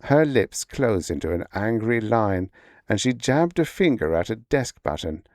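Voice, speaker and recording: Slow, low-voiced male sleep-story narrator. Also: sing-song, a little mellow, no room sound, studio quality.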